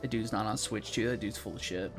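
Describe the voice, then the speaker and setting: A man's voice: on the low side, fairly even intonation, fast talker, over music. A young man streaming a game, chatting casually with friends and chat in a rambling, profane, laid-back way.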